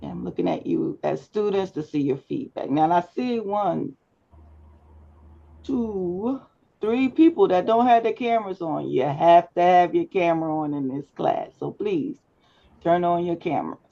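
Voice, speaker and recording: A woman's voice: lowish voice, animated, normal speed, gravelly. A woman instructor giving a live online lecture, firm and instructive as she addresses her students directly. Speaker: public speaking instructor. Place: video class call. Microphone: computer mic on a video call. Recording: slightly dull video call audio.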